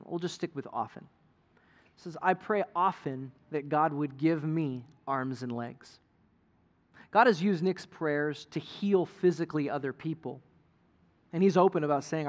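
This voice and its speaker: Delivering a sermon in a voice on the high side, a middle-aged male pastor takes a conversational, animated storytelling approach. He plays out quotes from people as he goes.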